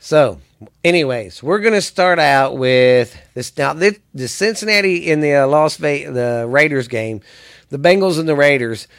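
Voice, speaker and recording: A man's voice: on the high side, lively intonation, normal speed, a bit bright, smooth. A man hosting a sports podcast, ranting angrily and rambling with lots of cursing. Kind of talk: profane ranting commentary.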